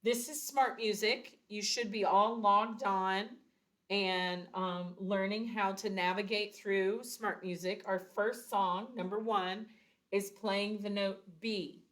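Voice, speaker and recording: Slow, patient woman teaching a lesson. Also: mid-range voice, steady tone, a bit bright. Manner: slow, patient, explains step by step. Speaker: music teacher. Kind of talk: recorder lesson.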